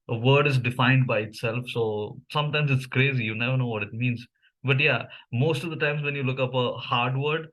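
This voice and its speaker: A mid-range, fairly bright voice belongs to a young Indian language vlogger reviewing memes. His first language is Malayalam, he speaks with an Indian English accent, and his casual musing is peppered with fillers and restarts.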